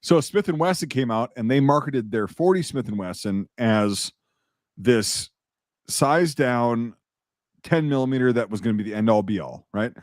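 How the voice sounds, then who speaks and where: A man's voice: medium pitch, expressive, normal speed, no room sound, studio quality. A man in casual chat as a podcast host, rambling and profane, with many restarts and fillers.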